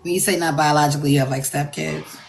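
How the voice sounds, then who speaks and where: A woman with a fairly low voice hosts a casual live interview. She talks in an emphatic, chatty way and laughs easily. A light hiss sits under her voice. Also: fairly even intonation, fast talker, gravelly. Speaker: livestream interviewer.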